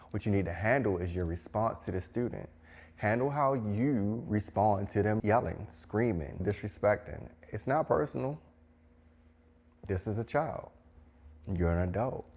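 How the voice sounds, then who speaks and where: A man's voice: on the low side, a little mellow, dull audio. A man giving emphatic, preachy advice to teachers, repeating phrases for stress. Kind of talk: direct-to-camera advice talk.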